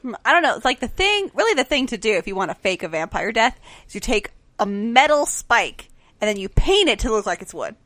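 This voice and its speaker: A woman's voice: a little high, sing-song, a little fast, a bit bright, no echo. A woman podcast co-host chiming in with short reactions and playful jokes during a casual TV chat.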